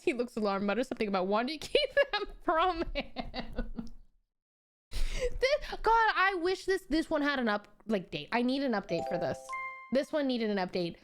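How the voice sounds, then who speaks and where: Lively, incredulous streamer woman. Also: high voice. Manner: animated and incredulous, swearing freely, laughing often. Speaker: streamer reading a story aloud. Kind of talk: casual live-stream reaction.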